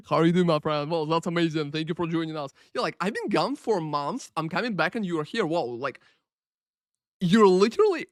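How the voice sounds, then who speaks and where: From Paris, a man hosts a game live stream, chatting loosely and profanely with viewers, greeting them by name and rambling with lots of fillers. His voice is on the high side, in a dry, studio-quality recording.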